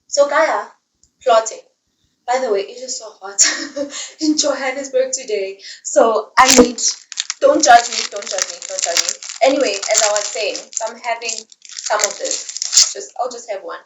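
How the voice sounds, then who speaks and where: A woman's voice: on the high side, normal speed, echoey room, far from the mic, noisy background. A young woman telling a casual story recap, chatty and digressive, with dramatic asides. The voice sits in a room, set back from the mic. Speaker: book reviewer.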